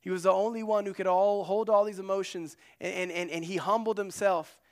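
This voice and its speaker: High-voiced male pastor preaching. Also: steady tone, a little fast. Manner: earnest preaching, swings from loud emphasis to hushed asides. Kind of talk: sermon.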